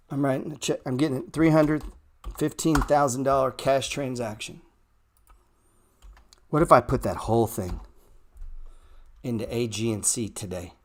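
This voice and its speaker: A man hosting an unscripted stock market show, blunt and profane, repeating phrases for emphasis and swinging between loud bursts and low mutters.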